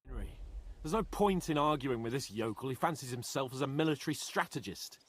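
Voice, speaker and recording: An actor playing an indignant, pompous young nobleman in a game, with a husky voice. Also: mid-range voice, expressive, brisk, fairly bright tone. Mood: haughty. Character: haughty young male nobleman.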